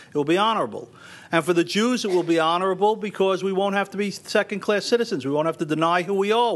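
A man's voice: a little high, fairly bright tone. A man giving a lecture in an emphatic way, repeating phrases for stress and addressing the audience directly. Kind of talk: university lecture.

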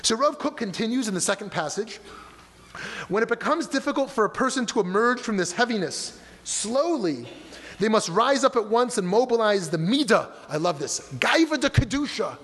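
A man's voice: very high voice, lively intonation, moderate pace, fairly bright tone. A man delivering a sermon as a rabbi, impassioned and rising and falling with emphasis. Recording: long hall reverb.

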